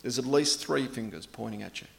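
A middle-aged man preaching a sermon in a relaxed, anecdotal way, poking fun at himself. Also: mid-range voice, a little fast, gravelly. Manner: conversational, anecdotal, self-deprecating.

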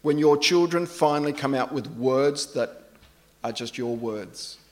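A middle-aged man preaching a sermon in a relaxed, anecdotal way, poking fun at himself. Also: mid-range voice, a little slow. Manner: conversational, anecdotal, self-deprecating.

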